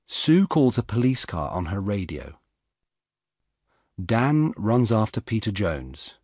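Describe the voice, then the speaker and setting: A man narrating a simple story for English learners in a slow, clear, deliberate way. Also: lowish voice, big pitch swings, a little mellow, dry recording, studio quality.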